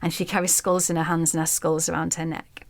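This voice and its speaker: A woman guest in an interview, telling a myth as a vivid, expressive storyteller. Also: sits low, fairly quick, dry recording.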